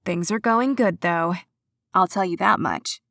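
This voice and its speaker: A woman's voice: on the low side, gravelly, fairly bright tone, no echo, clean studio sound. A woman playing a weary, wry sick woman. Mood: teasing. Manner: slow, weary, teasing. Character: sick tired young woman, wry and stubborn.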